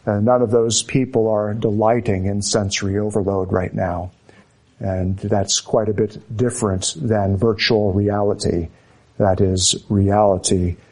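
Slow, measured male preacher. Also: lowish voice, darkish tone. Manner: measured, emphatic preaching with deliberate repetition. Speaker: pastor. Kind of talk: sermon.

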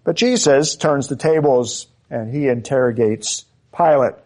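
A man preaching an expository sermon, emphatic and deliberate, repeating key phrases for stress. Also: mid-range voice, darkish tone.

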